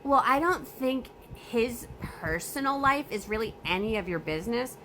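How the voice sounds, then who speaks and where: A woman voicing a smug, dismissive woman who fakes being sick, speaking slowly and evasively. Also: fairly high pitch, lively intonation, a bit bright, slight background noise. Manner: slow, drawn-out, evasive.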